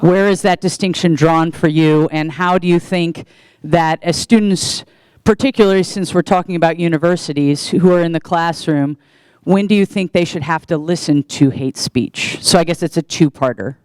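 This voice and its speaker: A man's voice: fairly high pitch, normal speed, smooth, dry recording. A man in a theatre audience asking a debate question on a handheld mic, playful and a little hesitant.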